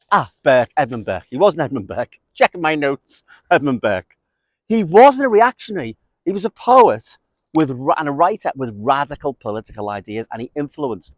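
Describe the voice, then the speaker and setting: A man talks through a philosophy lesson in a loose, conversational way, his pitch rising and falling in an animated sweep. He reads long quotations aloud and stops to comment on them. The sound is dry and close, with no room in it. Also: dry recording. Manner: chatty, digressive, reads quotes aloud with asides. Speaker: philosophy video lecturer. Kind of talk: informal recorded lecture.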